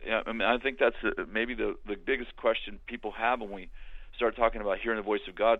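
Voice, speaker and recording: An older man telling his story in a halting, conversational way, with many restarts, as a guest on a remote call. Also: fairly low pitch, level tone, no echo. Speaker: guest, author and minister. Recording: tinny phone-like line.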